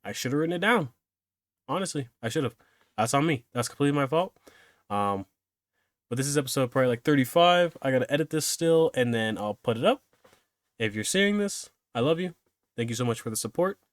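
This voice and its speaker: A man's voice: mid-range voice, lively intonation, brisk, dry recording, clean studio sound. A young man hosting a solo podcast, rambling and self-deprecating, laughing easily as he chats. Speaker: podcast host.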